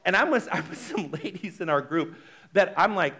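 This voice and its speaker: A man giving a sermon as a minister, talking in a chatty, animated way and speaking straight to the congregation. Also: high-pitched, normal speed, husky. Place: spiritual center service.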